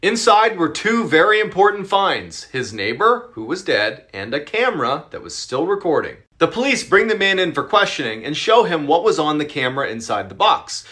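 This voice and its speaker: A man's voice: a little high, very animated, normal speed, few pauses, sharp tone. A man narrating creepy true stories with a dramatic, suspenseful delivery. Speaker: storyteller.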